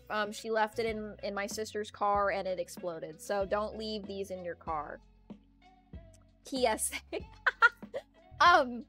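Chatting casually while streaming from home, a young adult woman rants and talks on, breaking into frequent laughter. Her voice is slightly high with a fairly bright tone, and faint music from a playlist can be heard.

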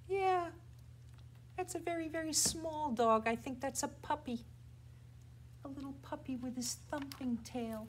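Reading a picture book and rhymes at a toddler storytime, a children's librarian alternates exaggeratedly soft and loud voices. Her pitch is on the high side and expressive, her pace slow, and a little hiss or hum comes through.

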